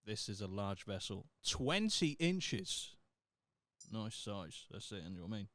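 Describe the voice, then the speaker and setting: A man co-hosting a casual podcast, reading a listing aloud with mocking, deadpan asides. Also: lowish voice, fast, dry recording. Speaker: podcast co-host.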